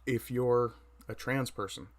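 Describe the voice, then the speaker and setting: A man hosting a casual livestream, talking with frequent fillers and pauses, with a mic right under his chin. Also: mid-range voice. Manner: hesitant, many fillers, reads chat aloud. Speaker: livestream host.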